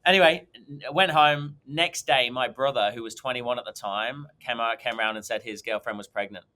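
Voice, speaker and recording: A man in his thirties, a guest on a podcast, telling a long personal story. He rambles with frequent ums and restarts. His voice is bright and forceful. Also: medium pitch, moderate pace. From England. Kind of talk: conversational storytelling.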